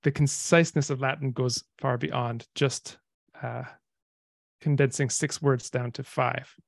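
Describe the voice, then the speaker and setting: A man giving an informal lecture, relaxed and explanatory, pausing on frequent ums. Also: medium pitch, gravelly, dry recording, studio quality.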